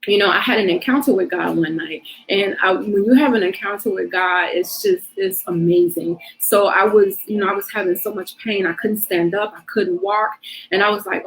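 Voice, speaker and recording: A woman's voice: medium pitch, normal speed, a little hiss or hum, poor audio. A middle-aged woman hosting her own show, telling a personal testimony of faith in a casual, emotional way, with lots of "you know". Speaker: host sharing her testimony.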